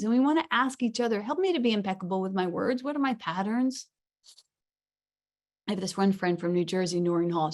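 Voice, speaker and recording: A middle-aged woman giving a conversational, animated sermon, often acting out the voices she quotes. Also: on the high side. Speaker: minister.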